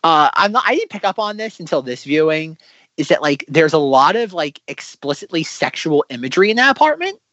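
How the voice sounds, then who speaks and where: An animated man co-hosting a casual film podcast, his pitch jumping around as he talks, peppered with "like" fillers. The sound is dry and close, a little dull in the highs, and his voice sits slightly high. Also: brisk, no echo. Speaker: podcast co-host.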